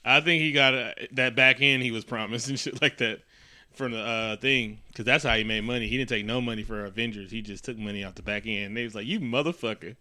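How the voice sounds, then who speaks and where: A man talking through a film's plot in a loose podcast chat, cursing often and jumping into quoted lines. His voice is bright and clear, with a smooth, polished ring to it. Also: medium pitch, brisk. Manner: profane, animated, acts out scenes with quotes. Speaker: podcast co-host. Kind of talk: casual movie recap chat.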